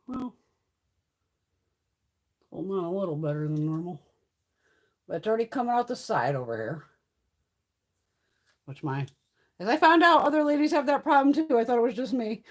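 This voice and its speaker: A woman hosting a casual livestream chat, swearing freely and laughing through her stories. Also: fairly low pitch. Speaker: livestream host.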